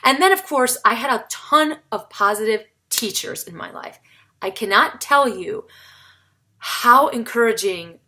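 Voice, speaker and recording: A chatty woman talks straight to the camera in a casual vlog. Her voice sits fairly high, and she keeps it lively, leaping up in pitch to stress a word. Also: a little slow. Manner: animated, chatty, jumps in pitch for emphasis. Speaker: vlogger, comedian and solo performer.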